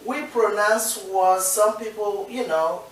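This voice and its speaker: A Nigerian woman with a Nigerian accent co-hosts a casual talk show, speaking earnestly and encouragingly and repeating her points for emphasis. Her voice is medium-pitched and slow, and the recording sounds distant and echoey.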